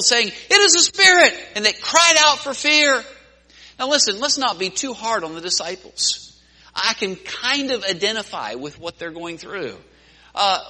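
A man preaching a sermon, swinging from hushed tones to loud, dramatic storytelling. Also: high-pitched. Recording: long hall reverb.

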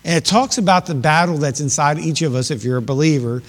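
Man, pastor, fairly high voice, earnest sermon delivery, rising emphatic peaks, long church-hall reverb. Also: fast.

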